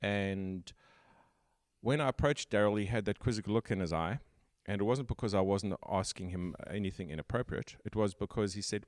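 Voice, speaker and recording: A man hosting a relaxed tech podcast, talking in a low register. He explains his ideas step by step in a conversational way. The sound is dry and close. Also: moderate pace, dry recording. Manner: explanatory, builds points step by step. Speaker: podcast host. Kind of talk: casual tech interview chat.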